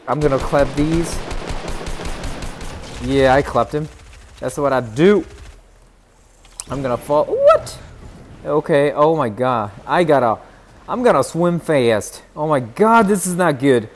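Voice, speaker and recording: A young man streaming a shooter game live, chattering excitably and teasing his chat. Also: slight background noise. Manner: excitable, yelps in sudden high bursts.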